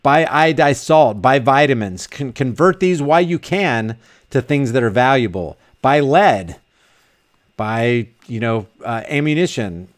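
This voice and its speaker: A man's voice: mid-range voice, lively intonation, unhurried. A man vlogging casually, reading viewer comments aloud and rambling with frequent restarts and repeated words. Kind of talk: casual live chat.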